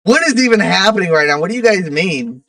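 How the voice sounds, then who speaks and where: Gravelly rambling male livestreamer. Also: sits high, animated, fast, bright, forceful tone, dry recording, recorded from a distance. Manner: rambling, talks to chat with many fillers. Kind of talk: casual livestream chat.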